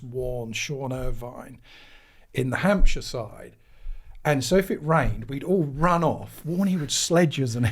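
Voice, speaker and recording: A middle-aged English man telling rambling, animated anecdotes in a casual chat as a guest. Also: mid-range voice. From England. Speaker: guest, cricket managing director.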